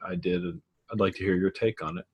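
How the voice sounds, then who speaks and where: A man co-hosting a podcast in casual chat, relaxed, giving short replies and correcting facts. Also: sits low, fast talker, husky. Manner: relaxed, fact-checking, brief replies. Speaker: podcast co-host.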